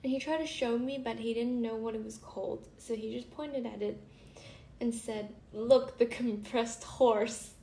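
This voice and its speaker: Giggly young woman with a high voice. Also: fairly even intonation, normal speed, creaky, dark tone. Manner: chatty, giggly, breaks off to laugh. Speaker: vlogger. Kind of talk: casual reading of funny stories. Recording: echoey room with faint hiss.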